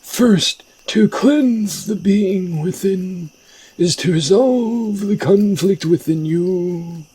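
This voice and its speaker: A stern old shaman master with a strained high voice and a slow, weighty delivery, as a man puts him on. He speaks loud and husky, every warning stretched out as if over a game's ritual scene. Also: heavily acted. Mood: solemn. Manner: solemn, drawn-out warnings. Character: old male shaman teacher, stern and solemn.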